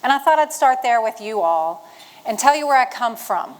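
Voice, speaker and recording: With lively intonation and a normal speed, a folksy, humorous middle-aged woman from western Virginia (Shenandoah Valley) tells stories onstage in a somewhat high voice. She pulls the crowd in the way a retired Marine might with a room of veterans. The audio is poor.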